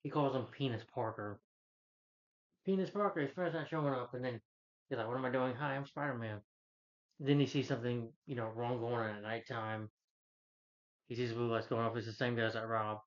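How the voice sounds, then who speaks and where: A man giving a casual, rambling movie review, retelling the plot with many fillers and putting on higher voices for the characters. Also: steady tone, brisk, muffled recording. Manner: loose, filler-heavy retelling that jumps up in pitch for quoted characters.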